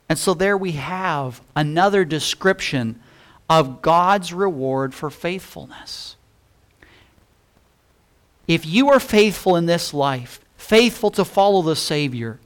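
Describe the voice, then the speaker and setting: Male pastor, sermon delivery; slightly raised pitch, slow, emphatic scripture reading. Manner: deliberate, emphatic scripture reading with repeated phrases.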